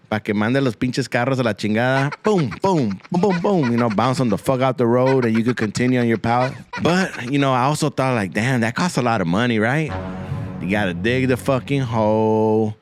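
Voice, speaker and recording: A male podcast host at an average pitch, riffing through a profane, rambling comic monologue. He drops Spanish slang into his English and keeps asking his listeners for their take. A faint hiss runs underneath. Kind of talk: comedic monologue.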